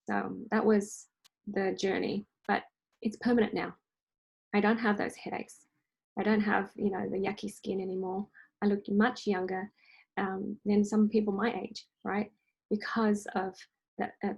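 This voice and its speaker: A woman leads an online wellness workshop in a casual, conversational way. Her mid-pitched voice has a gravelly, husky edge. She keeps checking in with her listeners as she goes. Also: darkish tone, rough recording. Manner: chatty, checks in with "okay?" and "right?". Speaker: energy healing workshop host. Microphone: online workshop recording.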